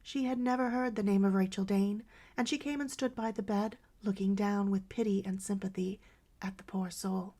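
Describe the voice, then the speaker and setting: A woman narrates an old novel in a measured, dramatic audiobook voice. Her tone has a gravelly, creaky texture and sits mid-range. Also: mid-range voice, fairly even intonation, warm tone. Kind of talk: scripted narration of a 19th-century novel.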